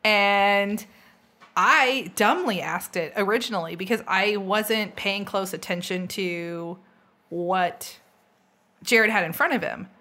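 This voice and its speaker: A woman's voice: mid-range voice, slow pace. A middle-aged woman co-hosting a board game podcast, chatting casually and telling stories with giggles. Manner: giggly, animated storytelling. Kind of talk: casual chat.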